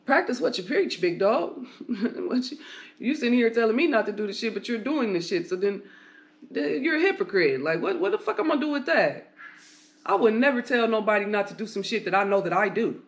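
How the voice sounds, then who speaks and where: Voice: medium pitch, animated, a little fast. A podcast host giving blunt, heavily profane advice in a rambling solo monologue, hammering points home with repeated commands.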